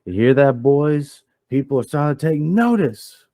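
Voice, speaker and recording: A man voicing a proud, suspicious male gang boss who fires off loud, challenging questions in a tabletop game. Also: medium pitch, lively intonation, moderate pace, no echo, clean studio sound, voice pushed up, close to an everyday voice. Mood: boastful.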